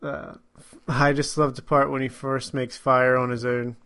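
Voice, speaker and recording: Relaxed podcast co-host man. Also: mid-range voice, measured pace. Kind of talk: casual movie chat.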